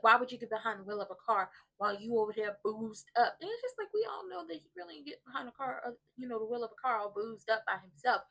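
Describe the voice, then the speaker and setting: A woman's voice: on the high side, pushed and bright. A woman giving a comedic recap of a soap opera episode, talking dramatically and sassily, with mock crying and playful exaggeration.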